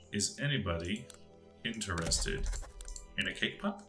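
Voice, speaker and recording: A man's voice: on the low side, lively intonation, a little slow, over music. A man casually thinking aloud as he plays a strategy game, musing to himself as he clicks through menus. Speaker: gaming channel host.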